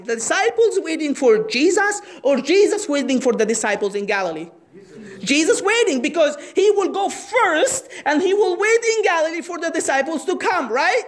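A woman preaching a sermon, asking the audience questions and acting out the story. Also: very high voice. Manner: animated, asks the audience questions.

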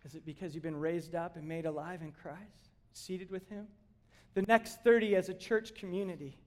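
A middle-aged male pastor delivering a sermon with a notably high-pitched voice. He preaches in an animated, emphatic way, building his points through repeated exclamations. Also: normal speed.

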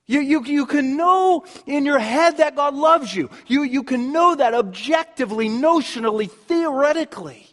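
A man preaching a sermon as pastor, swinging between emphatic passages and soft, hushed ones, and repeating words as he builds a point. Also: extremely high pitch, lively intonation, moderate pace, hardly any pauses, big-room sound.

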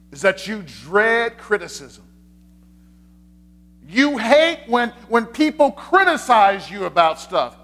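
Pastor, male, high-pitched, easy conversational preaching with repeated points. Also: fairly bright tone. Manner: conversational, repeats key points, frequent "uh" fillers. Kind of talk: sermon.

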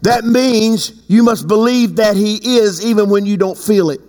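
A man preaching a sermon as pastor, swinging between slow emphatic stretches and sudden high leaps. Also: darkish tone. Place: church sanctuary. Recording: long hall reverb.

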